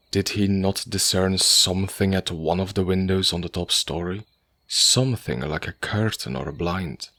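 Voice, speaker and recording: A man narrating a classic story in a measured, steady audiobook reading. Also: low-pitched, no room sound.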